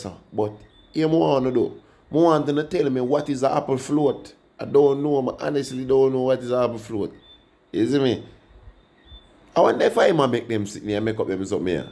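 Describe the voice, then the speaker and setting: A young Jamaican man talks straight to his viewers in a loose, rambling patois. His voice has a gravelly, crackly edge and sits at an ordinary pitch as he reviews a song. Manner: rambling, animated, speaks in patois, addresses viewers. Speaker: music reaction vlogger. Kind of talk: casual music review.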